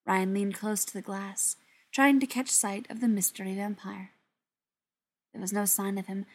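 A woman reading a story aloud as narrator, in an even, steady storytelling manner. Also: medium pitch, husky. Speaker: audiobook narrator. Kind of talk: scripted narration.

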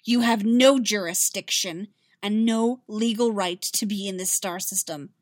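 Woman doing a cold defiant queen, forceful, dry sound, audiobook. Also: mid-range voice, a little slow, no room sound, natural voice.

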